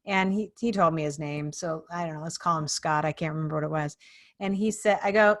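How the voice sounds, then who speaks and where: A woman hosting a podcast interview, telling a lively story and acting out the people in it. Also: lowish voice, brisk. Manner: animated storyteller, acts out quoted people. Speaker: podcast host.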